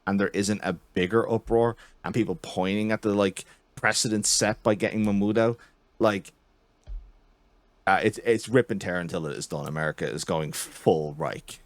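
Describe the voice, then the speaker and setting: A man with a lowish voice holds forth as a podcast host, heated and profane, building into rants as he talks. The sound is dry and close, with no room around it. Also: normal speed, no echo. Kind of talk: casual political chat.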